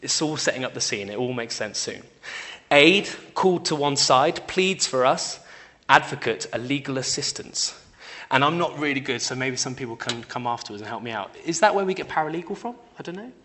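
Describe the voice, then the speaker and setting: A young man preaching in a casual, chatty way, his voice bright and forward. He checks in with the room often with a quick "yeah?" and moves between loud emphatic bursts and quiet asides. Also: medium pitch, animated. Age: young adult. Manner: conversational, checks in with listeners by asking "yeah?". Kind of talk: informal sermon.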